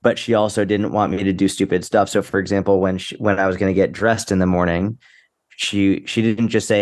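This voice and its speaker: A young man co-hosting a podcast, talking in a relaxed, offhand way. His voice sits a little low, and he trips over his words and restarts sentences as he goes. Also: brisk. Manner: laid-back, swears casually, stumbles and restarts. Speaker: podcast co-host. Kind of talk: casual chat.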